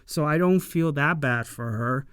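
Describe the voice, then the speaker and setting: Slow, rambling episode reviewer. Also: mid-range voice, a bit bright, smooth, no echo, clean studio sound. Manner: rambling, filler-heavy, opinionated. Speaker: anime and tokusatsu episode reviewer. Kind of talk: casual episode recap and commentary.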